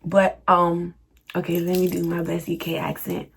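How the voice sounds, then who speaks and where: A woman's voice: lowish voice, completely flat delivery, moderate pace, vocal fry, slight background noise. A young woman vlogger answering viewer questions in a chatty, slangy, laughing style. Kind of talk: casual Q&A chat.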